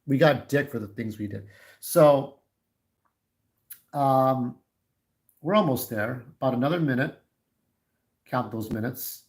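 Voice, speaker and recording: A man's voice: mid-range voice, slow pace, long pauses, low-quality recording. Guy in his 40s rambling to his livestream chat, blunt opinions, ordinary mid voice. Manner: candid, opinionated, talks straight to viewers. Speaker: YouTube livestreamer.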